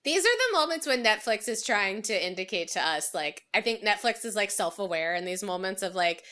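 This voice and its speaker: A woman's voice: medium pitch, animated, a little fast, bright, forceful tone. A young woman co-hosting a podcast, chatting casually and bluntly, swearing and laughing. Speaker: podcast co-host. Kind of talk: casual recap chat.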